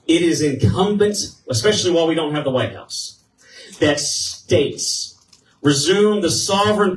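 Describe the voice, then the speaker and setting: A man's voice: a little high, distant mic. Fired-up man at a rally, echoey hall. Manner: fired-up, asks the crowd questions. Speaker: state representative speaking at a campaign rally. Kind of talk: political rally speech. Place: event hall. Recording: echoey hall, mic heard from afar.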